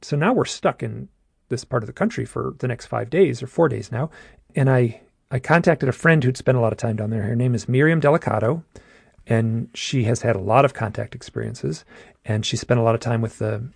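A man casually recounting a personal experience, halting and restarting often, with a gravelly voice. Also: medium pitch, no echo, studio quality. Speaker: guest telling his own story. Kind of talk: casual storytelling.

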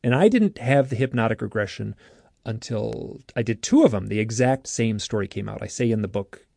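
A man, an author and interview guest, telling a story in an earnest, lively way, often restarting his sentences. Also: lowish voice, normal speed, vocal fry, dry recording, clean studio sound. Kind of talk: animated storytelling.

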